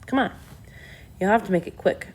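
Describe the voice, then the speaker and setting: A woman's voice: medium pitch, moderate pace, a little hiss or hum, voice pushed up, natural voice. A woman reading a friendly sailboat father. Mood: urgent. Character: Australian man, a sailboat father.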